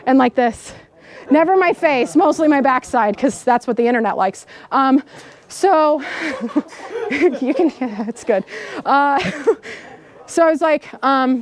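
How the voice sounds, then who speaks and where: A woman in her thirties giving a storytelling keynote speech, animated, laughing often and acting out the people in her story. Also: high voice, takes it slowly. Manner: animated, laughing, acts out dialogue. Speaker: keynote speaker. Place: outdoor camp gathering.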